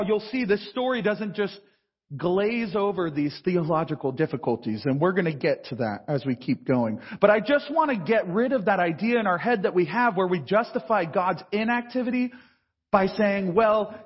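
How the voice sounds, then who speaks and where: A man with a high, husky voice preaching in a large cathedral. He talks in a relaxed, conversational way and acts out the voices from the story. The sound is dull and rings with a long church reverb. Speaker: pastor. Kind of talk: sermon.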